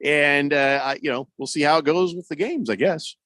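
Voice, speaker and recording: A man co-hosting a sports radio show, reading listener messages out loud and riffing on them in a loose, joking way with plenty of fillers. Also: on the high side, moderate pace, no room sound. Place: radio studio.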